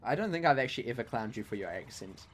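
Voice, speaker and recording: Young Kiwi man, relaxed joking stream chatter, mid-pitched voice, faint music underneath. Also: fast. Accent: New Zealand. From New Zealand. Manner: easygoing, teasing, playful. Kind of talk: casual chat while gaming.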